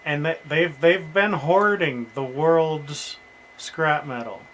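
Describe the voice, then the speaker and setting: Slow-talking guy, kinda high voice, faint hum behind, casual chat. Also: a bit bright, poor audio.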